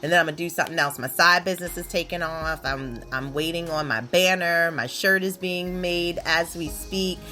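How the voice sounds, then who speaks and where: A woman, hosting a casual solo podcast in a brash, profane, animated way with sudden loud outbursts. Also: on the low side, normal speed, few pauses, faint music behind. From Baltimore area, USA. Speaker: podcast host.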